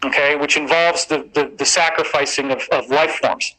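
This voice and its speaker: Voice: mid-range voice, steady tone, normal speed, bright, forceful tone, poor audio. A speaker in a played clip, explaining things in a matter-of-fact, conversational way.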